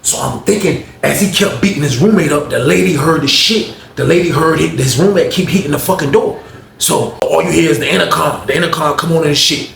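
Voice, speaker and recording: Animated gravelly man telling a story. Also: a little high, brisk, a little hiss or hum. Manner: animated, profane, acts out voices. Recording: echoey room.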